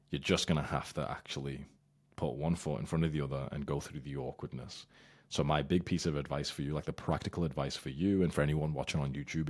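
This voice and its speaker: A man hosting a show, giving blunt advice in a casual, rambling monologue full of swearing. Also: rumbling low. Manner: blunt, heavy swearing, emphatic; rambling with fillers and restarts.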